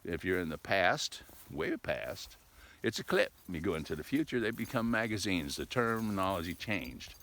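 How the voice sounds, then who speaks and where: A man's voice: low-pitched, bright, forceful tone. A middle-aged man chatting casually while out walking his dogs, in a folksy, meandering way, often tagging lines with "eh?". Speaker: vlogger. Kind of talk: casual rambling chat.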